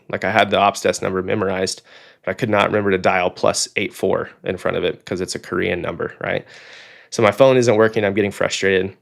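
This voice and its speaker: A young man from Oklahoma tells his story in a casual podcast interview. His voice sits very low, with a gravelly edge. He acts out the people he quotes, and "like" and "um" run all through his talk. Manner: animated storyteller, acts out quoted dialogue, frequent "like" and "um". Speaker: podcast guest, fighter pilot.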